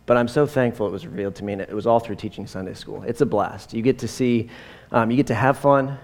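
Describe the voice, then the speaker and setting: Talking fast in a mid-range, darkish voice, this forties-aged pastor delivers a sermon that wanders conversationally. He leans on plenty of fillers and drifts into side stories.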